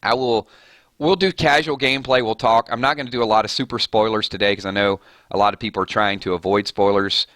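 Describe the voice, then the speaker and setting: A man hosting a casual gaming live stream, chatting loosely with viewers and giving shout-outs, his voice a little hoarse. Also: fairly low pitch, fairly even intonation, quick pace, dry recording. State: slightly hoarse. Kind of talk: casual live-stream chat over gameplay.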